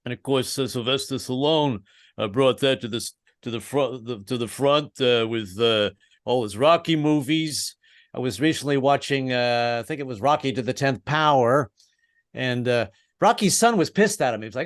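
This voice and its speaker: A middle-aged American man doing an online stand-up set, halting and restarting, with deadpan punchlines. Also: mid-range voice, no echo, studio quality. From American East Coast. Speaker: stand-up comedian. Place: home in Brooklyn, online show.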